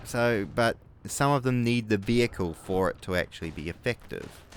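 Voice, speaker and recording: A young New Zealand man with a New Zealand accent rambles and swears through gameplay commentary for a gaming video, erupting in angry outbursts. His mid-range voice moves at normal speed, with slight background noise.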